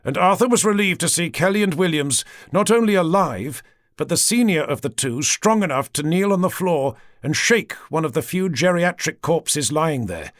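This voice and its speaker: Expressive male audiobook narrator, dry studio sound. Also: a little high, no room sound. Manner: measured, dramatic, expressive.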